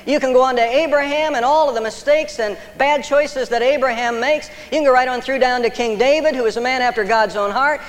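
A man preaching a sermon as pastor, emphatic, with pauses for effect. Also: extremely high pitch, big-room sound.

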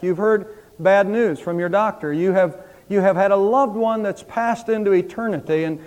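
A man with a high voice preaches an Easter sermon from the pulpit. He builds his lines to fervent emphasis as pastor. The sound rings with the long reverb of a church sanctuary. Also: darkish tone.

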